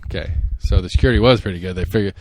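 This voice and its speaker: A man's voice: deep voice, racing. A man co-hosting a casual podcast chat, loose and joking as he wraps up the show. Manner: loose, joking, rambling sign-off. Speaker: podcast co-host.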